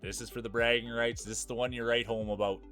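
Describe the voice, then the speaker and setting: A man's voice: mid-range voice, little pitch movement, fast, a bit bright, faint music behind. A man hosting a live stream, giving hyped, announcer-style play-by-play of marble races and greeting chat by name. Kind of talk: mock sports play-by-play commentary.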